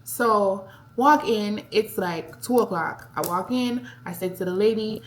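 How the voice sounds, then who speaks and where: A woman telling a story in a casual vlog, animated and expressive, laughing often as she talks to her camera. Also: mid-range voice, measured pace, roomy sound, slight background noise. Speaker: vlogger mom. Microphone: handheld camera.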